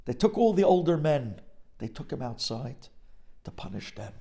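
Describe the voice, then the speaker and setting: A man's voice: fairly high pitch, expressive, unhurried, gravelly, warm tone. A man, a rabbi, telling an inspirational story in a dramatic sermon.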